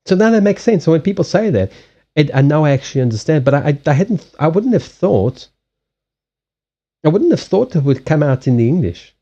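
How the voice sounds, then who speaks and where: Animated man with a Southern African accent. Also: fairly high pitch, a little fast, lo-fi sound. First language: Portuguese. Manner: animated, swears freely, laughs often. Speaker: card reader and livestream host. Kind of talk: casual livestream chat. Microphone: USB headset mic.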